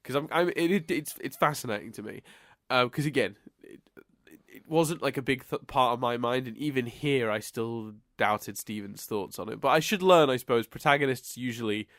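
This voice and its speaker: A man co-hosts a podcast with casual, rambling chat, plenty of restarts, and frequent laughs. His mid-range voice is fairly bright and moves at a moderate pace. Clean studio sound, no echo.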